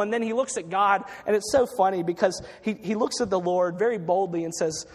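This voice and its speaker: A man's voice: sits high, brisk, few pauses, big-room sound. A man preaching a sermon, retelling a story with acted-out quotes and frequent restarts.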